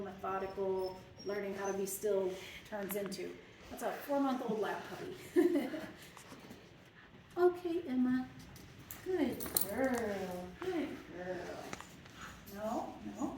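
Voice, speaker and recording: A woman dog trainer who alternates between hushed, low commands to a dog and plain explanations to viewers. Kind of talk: live training demonstration with commentary. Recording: very echoey room, mic far off, background noise.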